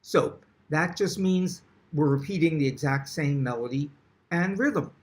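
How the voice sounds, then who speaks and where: A man's voice: on the high side, measured pace. A man teaching songwriting in a presentation, explaining patiently and breaking into short sung examples and wry jokes. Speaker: songwriting instructor. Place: video presentation recorded for an online event.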